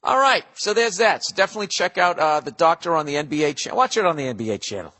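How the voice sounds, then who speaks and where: A man's voice: a little high, big pitch swings, fast, sharp tone, in a large hall. A man hosting a podcast, delivering a profane, digressive comedic monologue. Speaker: podcast host.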